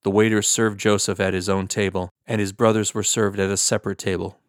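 Low-voiced man reading scripture. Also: dry recording, clean studio sound. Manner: steady, measured reading. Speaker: scripture reader. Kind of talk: scripted narration.

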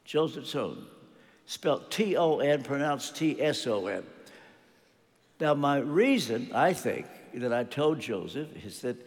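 An older man preaching a sermon, earnest and personal, telling a story with pauses and restarts. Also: medium pitch, animated, big-room sound.

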